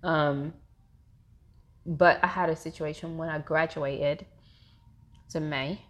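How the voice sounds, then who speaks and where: Brief: woman, 30s, lower pitch, animated candid podcast guest who laughs a lot. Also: takes it slowly. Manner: animated, laughs often, repeats herself. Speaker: therapist guest. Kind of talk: casual podcast interview.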